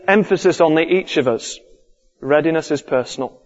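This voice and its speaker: A man's voice: fairly high pitch, moderate pace. Casting: earnest male preacher, sermon delivery, lo-fi sound with long hall echo. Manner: earnest, repeats key points. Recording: dull lo-fi recording with long hall reverb.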